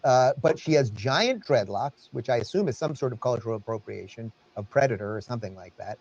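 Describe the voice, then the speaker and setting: A man hosting an opinion commentary show, speaking in a sarcastic, animated way. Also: medium pitch, brisk, vocal fry, no room sound, muffled recording.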